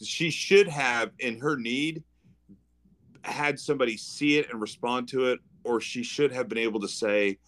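A man co-hosting a casual faith podcast, speaking in a reflective, thoughtful, somewhat halting way. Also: medium pitch, fairly bright tone. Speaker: podcast co-host.

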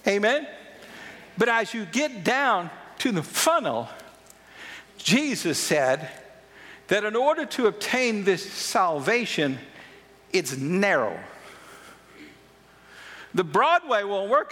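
A man's voice: sits high, sing-song, measured pace, a bit bright, in a large hall. A man preaching a sermon as a pastor, emphatic and repeating phrases for stress.

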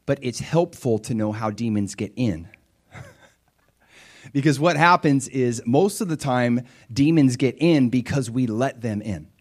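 A middle-aged man preaching a sermon as pastor, animated and laughing often, speaking directly to his congregation. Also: medium pitch, unhurried.

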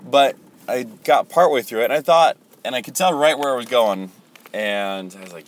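A man's voice: medium pitch, normal speed, a little hiss or hum. A man hosting a Christian podcast, speaking in a rambling, hesitant, casual monologue full of fillers and restarts.

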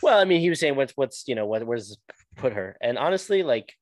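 A man co-hosting a podcast in casual chat, blunt and profane, a bit halting. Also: mid-range voice, very animated. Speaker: podcast co-host.

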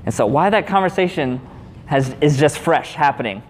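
A man in his thirties delivers a sermon in a casual, animated, conversational way, his voice sitting somewhat high for a man. The sound carries a long reverb from a church hall, with a faint hiss of noise behind it. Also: moderate pace. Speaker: pastor. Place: church sanctuary.

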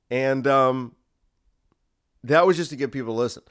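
A man's voice: mid-range voice, quick pace, clean tone. A man hosting a solo podcast, ranting in a sarcastic, profane way. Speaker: podcast host.

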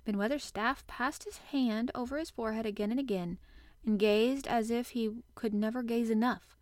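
A woman host narrating a classic novel chapter in an expressive, animated way. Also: fairly high pitch, normal speed, dry recording, clean studio sound. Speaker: podcast host and reader. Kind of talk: audiobook narration.

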